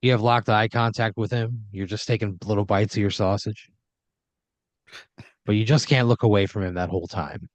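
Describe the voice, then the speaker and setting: A man's voice: lowish voice, fairly even intonation, moderate pace, dry recording, muffled recording. A man hosting an improv podcast, narrating a scene in second person with a loose, rambling manner full of "like" and "you know.". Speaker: host running the improv story.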